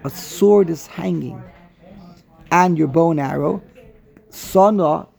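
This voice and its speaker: Gravelly-voiced man teaching a text class. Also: fairly high pitch, slow. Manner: animated, repetitive, acts out the dialogue. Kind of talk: explaining scripture commentary.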